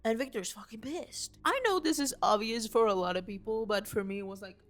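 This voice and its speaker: A young woman vlogging at home, rambling excitedly and swearing casually about a film while waving a handheld mic. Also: on the high side, brisk, faint music behind. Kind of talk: unscripted excited movie rant. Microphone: handheld mic waved around.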